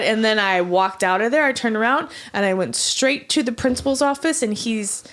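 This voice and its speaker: A woman co-hosting a podcast, telling a story in casual chat, animated and stumbling over her words. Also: a little high, normal speed, few pauses. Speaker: podcast co-host.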